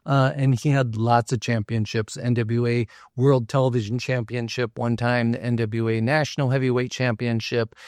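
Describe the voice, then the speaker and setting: A man's voice: medium pitch, flat delivery, moderate pace, hardly any pauses, darkish tone, dry recording. Chatty man with a dry sound. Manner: chatty, with many fillers and joking asides. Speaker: local history presenter. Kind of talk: casual informal talk.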